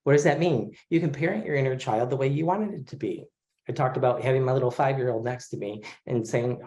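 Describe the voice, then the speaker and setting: A man in his forties teaching an online therapy class, talking in a relaxed, conversational way with many fillers over a video call. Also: medium pitch, a little fast, highs cut off. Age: 40s. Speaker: craniosacral therapy instructor. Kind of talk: casual online lecture.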